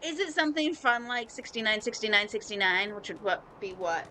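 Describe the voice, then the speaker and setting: A woman's voice: medium pitch, a little fast, pushed and bright, a little hiss or hum, low-quality recording. A woman streamer chatting casually while playing a game, joking and muttering at the screen. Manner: playful, jokey, muttering to the game. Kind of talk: casual gameplay chat. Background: game music.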